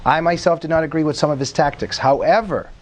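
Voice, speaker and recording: A man's voice: fairly high pitch, fast. Emphatic man hosting a political panel. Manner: emphatic, indignant. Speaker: talk show host.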